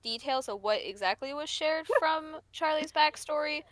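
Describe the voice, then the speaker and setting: A woman player recapping a game session in casual chat, halting and searching for words. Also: high voice, fairly bright tone, dry recording.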